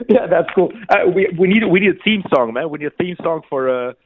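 A man from Belgium with a Flemish accent, Dutch his first language, joining a sports podcast as a guest and talking eagerly with halting restarts. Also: on the high side, expressive, a crowd in the background. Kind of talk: casual sports podcast chat. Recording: tinny phone-like line.

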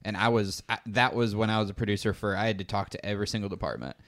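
A man who works as a film producer, chatting in a relaxed, reflective way about his work. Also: lowish voice, rapid-fire. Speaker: film producer, podcast guest. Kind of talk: casual chat.

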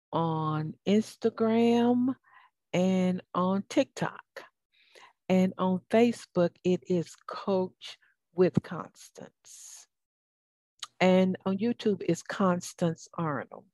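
A woman's voice: lowish voice, darkish tone, dry recording. A middle-aged woman with a Southern US accent hosting a radio talk show, folksy and encouraging, drawing some words out. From Atlanta, US. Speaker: host.

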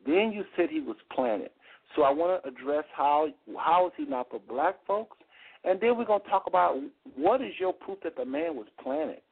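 A man's voice: a little high, lively intonation, moderate pace, gravelly, slightly rough. A man hosting a heated call-in radio debate, cutting in and repeating his questions insistently. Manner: insistent, repeats himself to interrupt. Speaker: radio show host. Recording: tinny phone-line radio audio.

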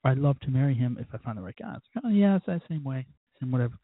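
A man's voice: mid-range voice, lively intonation, racing, slightly rough, no echo, narrow, tinny audio. A man hosting a show, telling a first-date story in a rambling, profane, self-mocking way. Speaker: podcast host. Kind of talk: casual storytelling monologue.

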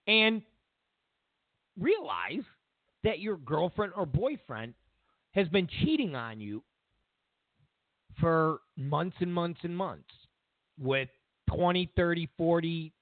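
A man's voice: high voice, expressive, takes it slowly, long pauses, dry recording. A man hosting a political talk show, delivering an emphatic, opinionated monologue full of sarcastic hypotheticals. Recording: tinny phone-like audio.

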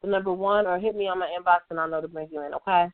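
A woman's voice: fairly low pitch, fairly even intonation, racing. Chatty woman hosting a call-in show. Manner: friendly and chatty, with loose casual phrasing. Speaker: radio call-in show host. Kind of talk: casual call-in chat. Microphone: phone. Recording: tinny, dry phone line.

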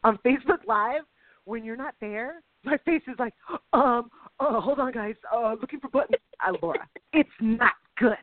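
A woman's voice: on the high side, moderate pace, dry recording. Chatty woman over a phone line. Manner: chatty, animated, self-deprecating. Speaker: podcast co-host. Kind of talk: casual chat. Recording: dry, tinny phone line.

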